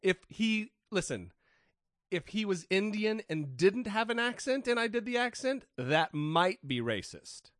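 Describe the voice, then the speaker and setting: A man co-hosting a podcast in a loose, profane way, joking and tripping over his words as he restarts sentences. His voice sits a little high. The recording is dry and close. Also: sing-song, measured pace, fairly bright tone, no room sound. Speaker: podcast co-host. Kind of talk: casual skeptic podcast chat.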